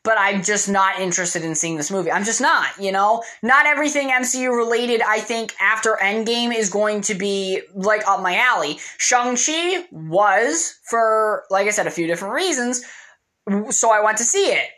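A woman's voice: mid-range voice, expressive, moderate pace, bright, forceful tone. A woman giving a casual, candid movie opinion monologue, with frequent fillers and the odd swear word. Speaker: movie commentator.

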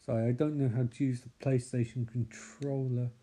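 A man giving sarcastic, casual running commentary on a film, swearing and getting excitable as he watches. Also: medium pitch, normal speed. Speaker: movie reaction commentator. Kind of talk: casual live movie commentary.

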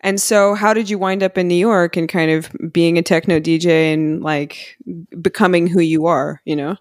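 A woman hosting an interview asks follow-up questions in a sympathetic, loose way, with the odd curse. Her voice is a little low. The recording is close and dry. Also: steady tone, normal speed, no echo. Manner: sympathetic, casual swearing. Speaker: podcast host.

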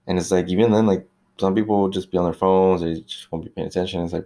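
A young man who works at a fast-food shop, talking in a loose, chatty rant about rude customers. He swears freely and fills his talk with "like" and "you know". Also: low voice, fairly even intonation, mellow. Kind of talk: casual ranting monologue.

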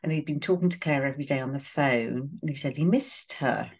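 A woman co-hosting a podcast, recapping a reality show in a relaxed, chatty way. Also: low voice, fairly quick, husky. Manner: relaxed recapping with fillers and laughs. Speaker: podcast co-host.

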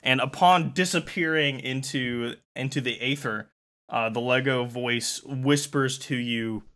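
Bright-voiced male game master. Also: mid-range voice, unhurried. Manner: playful, hesitant narration with fillers. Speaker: game master and game show host. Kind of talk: narrating a comedic dungeon game show.

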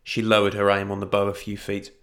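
A man narrating a fantasy story in an even storytelling manner. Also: lowish voice, quick pace.

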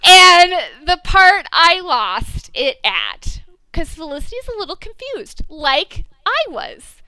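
Woman co-host, bright and forceful, highly animated, swearing freely in a casual chat. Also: slow pace, no echo. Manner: gushing and animated, swears for emphasis. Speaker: podcast co-host. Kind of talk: casual chat, fan recap.

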